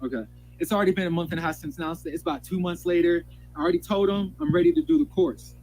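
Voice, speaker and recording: A man's voice: high voice, expressive, very fast, creaky, a little mellow, a little hiss or hum, rough recording. A man telling a rambling personal story in an agitated, emotional way, swearing often and restarting his sentences. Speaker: storyteller in a played clip.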